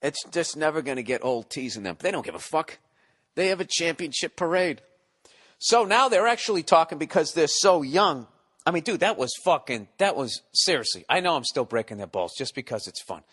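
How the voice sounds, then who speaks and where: A man's voice: a little high, expressive, fairly quick, a bit bright. Profane rambling podcast host, a man. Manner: profane, rambling, mock-exasperated. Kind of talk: casual comedic rant.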